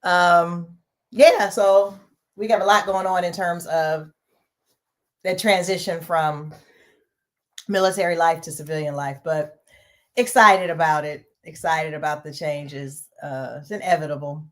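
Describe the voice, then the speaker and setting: A woman with a slightly low voice hosts a casual livestream from a small home studio. She chats loosely and warmly with the viewers, talking directly to them. Her delivery stays relaxed and conversational. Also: measured pace. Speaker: host.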